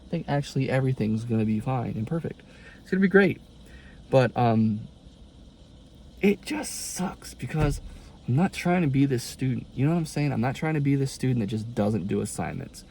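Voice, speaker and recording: A man's voice: medium pitch, expressive, fast talker, gravelly, few pauses, dark tone, a little hiss or hum. A young man, a college student, rambling in a casual confession vlog, exasperated and full of folksy turns of phrase.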